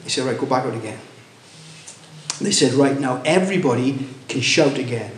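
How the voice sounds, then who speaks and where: A man preaching a sermon, telling a story with many restarts and rising excitement at its loud moments. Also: mid-range voice, reverberant, a little hiss or hum. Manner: halting, many restarts, rises when telling of shouting.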